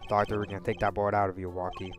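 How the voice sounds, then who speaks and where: A woman voicing a stern elderly male gangster boss in a low, gruff voice. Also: level tone, fast talker, music in the background. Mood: solemn.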